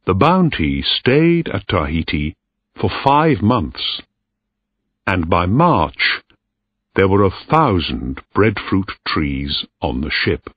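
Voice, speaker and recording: A man slowly narrating a simple story for English learners, reading it clearly. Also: sits low, no echo. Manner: very slow, clear, lively intonation. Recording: dry tinny lo-fi recording.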